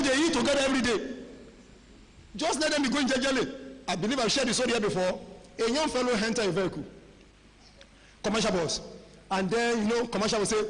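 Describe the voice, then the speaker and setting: Middle-aged Nigerian-accented pastor, higher voice, conversational sermon delivery, long hall reverb. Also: male voice, fast, long pauses, a bit bright, a little hiss or hum. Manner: conversational preaching, mixing pidgin and Yoruba phrases. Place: large church hall.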